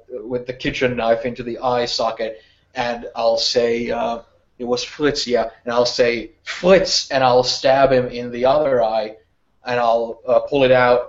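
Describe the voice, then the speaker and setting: A man playing a tabletop role-playing game, halting with many fillers. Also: medium pitch, lo-fi sound. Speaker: player.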